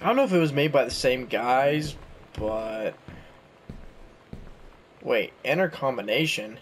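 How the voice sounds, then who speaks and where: A man's voice: medium pitch, lively intonation, a little slow, a little hiss or hum. A young man chatting casually and self-mockingly while playing a game. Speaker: gaming YouTuber. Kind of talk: casual let's-play commentary.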